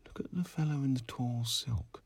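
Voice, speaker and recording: A saucy young barmaid, high and teasing, all titters one moment and sharp scolding the next, as a male reader puts her on. The voice rides well above his own low register, in a dry, close sound. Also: big pitch swings, moderate pace, breathy edge, no room sound. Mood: giggly.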